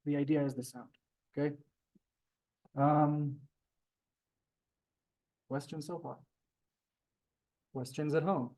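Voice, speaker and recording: A male Hebrew teacher leads a live beginner class in a synagogue room, also streamed on Zoom. His voice sits a bit high for a man. He is polite and chatty, calling his students "sir". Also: fairly even intonation, slow pace, pauses often, a little mellow.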